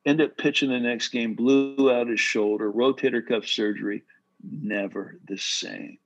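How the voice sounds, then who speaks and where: A man who played pro baseball giving casual, animated advice to pitchers, full of "bro" and "right?". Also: unhurried, highs cut off. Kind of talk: casual coaching talk.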